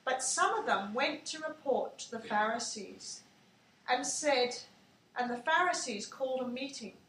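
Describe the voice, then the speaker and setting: Slow, bright-voiced woman telling a Bible story. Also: sits high, lively intonation, a little hiss or hum. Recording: echoey room, mic far off.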